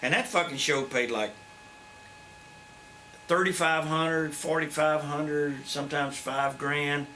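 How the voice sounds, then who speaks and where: A man's voice: on the high side, takes it slowly, long pauses. A man in his fifties with a drawl, telling blunt, profane stories in a shoot interview. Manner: blunt, profane, animated storyteller. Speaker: interview guest, former wrestler. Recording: faint background noise.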